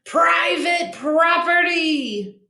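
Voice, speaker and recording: A woman voicing a grumpy cactus who wants to be left alone, yelling in a slow, cranky way, recorded in an echoey room. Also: very high-pitched, animated, voice pushed up, exaggerated voice. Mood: grumpy shouting.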